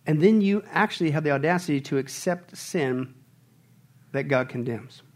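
A man preaching a sermon as pastor, swinging from quiet asides to loud, mocking bursts. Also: on the high side, moderate pace.

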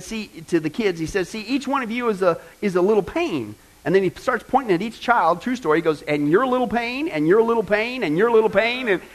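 High-voiced joking man preaching. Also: rough recording. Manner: animated, joking and vivid; asks the audience questions. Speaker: pastor. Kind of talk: sermon.

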